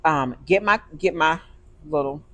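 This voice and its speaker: A woman co-hosting a podcast in casual chat, telling stories with animated, expressive delivery. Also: sits low, a little slow. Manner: animated storytelling, turns emotional. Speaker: podcast co-host.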